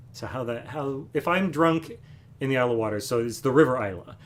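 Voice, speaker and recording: A man hosting a music livestream from home, casually explaining a song between numbers, relaxed and rambling with fillers. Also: mid-range voice, normal speed, a little hiss or hum. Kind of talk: casual chat between songs. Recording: guitar playing loudly behind.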